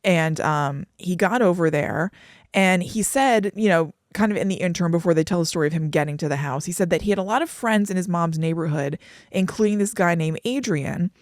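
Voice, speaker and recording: A woman's voice: lowish voice, a little fast, no room sound, clean studio sound. A woman co-hosting a podcast, retelling a TV episode in casual chat and acting out quoted voices as she goes. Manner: chatty, laughing, acts out quoted voices. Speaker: podcast co-host.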